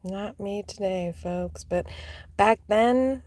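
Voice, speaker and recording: Speaking slowly in a mid-range voice with no room sound, she relates casual storytime tales. Her delivery is chatty and peppered with "like," mixing laughter and swearing with the odd soft, whispered aside.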